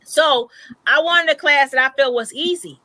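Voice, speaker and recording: A woman hosting an online birthday chat, telling animated stories and laughing often. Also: sits high, moderate pace, no room sound. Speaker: host. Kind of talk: casual chat. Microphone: online call.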